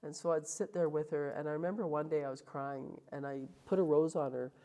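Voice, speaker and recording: Low, mellow-voiced woman telling her story. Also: fairly even intonation, a little fast. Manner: emotional, vivid retelling with acted quotes. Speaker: guest. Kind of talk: storytelling interview.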